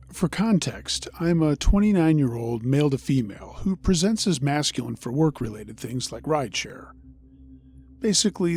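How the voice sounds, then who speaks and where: Gravelly, animated scary-story narrator. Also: male voice, medium pitch, a little hiss or hum. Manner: conversational, wry, with dramatic pauses. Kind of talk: reading a true scary story aloud.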